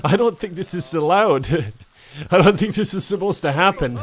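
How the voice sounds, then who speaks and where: A young man narrates his game in a loose, joking way, breaking into laughter again and again. His voice sits a little higher than most men's. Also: lively intonation, unhurried. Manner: giggly, crude joking, frequent laughter. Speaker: gaming YouTuber. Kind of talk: let's-play commentary.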